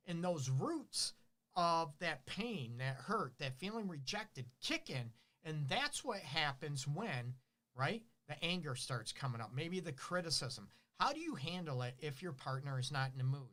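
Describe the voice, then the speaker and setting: A middle-aged man giving relationship advice on his own show. His talk is casual and lively, full of rhetorical questions and little acted-out lines from couples. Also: fairly high pitch, a little slow. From Detroit. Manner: animated, asks rhetorical questions, acts out partners' lines. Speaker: relationship counselor hosting a show.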